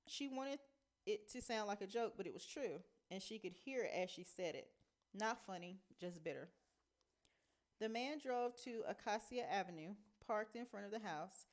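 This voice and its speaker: A woman teacher reading a novel aloud in a measured storytelling manner. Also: mid-range voice, lively intonation.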